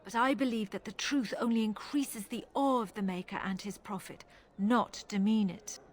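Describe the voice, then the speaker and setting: A woman voicing a pious, thoughtful chantry relic curator in a fantasy video game, speaking in an earnest, measured way with an Irish accent. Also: mid-range voice, lightly acted.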